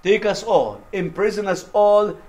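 A man's voice: high voice, measured pace, a little mellow, voice pushed up. A man preaching, voicing a group of grown brothers who beg to be taken prisoner in place of their youngest. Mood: pleading. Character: pleading band of grown brothers.

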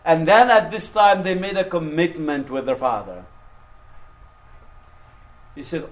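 A man's voice: on the high side, lively intonation, unhurried, long pauses. A man preaching a sermon, retelling a story animatedly and acting out its quotes.

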